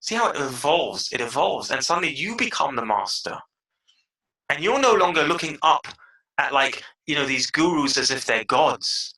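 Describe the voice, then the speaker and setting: A man as a podcast guest giving emphatic advice, acting out inner voices with big jumps in pitch. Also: sing-song, moderate pace, sharp tone, rough recording. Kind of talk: animated interview talk.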